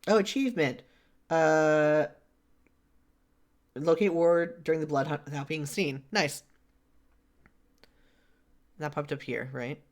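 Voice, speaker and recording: A man streaming a story game, chatting casually with quick asides and fillers between narrated passages. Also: fairly high pitch, fairly even intonation. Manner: chatty, self-deprecating, fillers. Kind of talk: live-streamed game reading and commentary.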